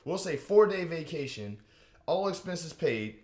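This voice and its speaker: Man, stand-up rant, rambling and animated, a bit higher voice, echoey room. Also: measured pace. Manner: rambling and animated, many restarts and asides. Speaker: comedian.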